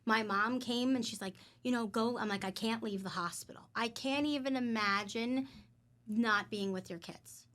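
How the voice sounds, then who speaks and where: A woman guest in a casual podcast conversation, telling personal stories in an animated way and acting out what people said. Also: a little high, unhurried. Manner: animated storyteller, acts out quotes, emphatic.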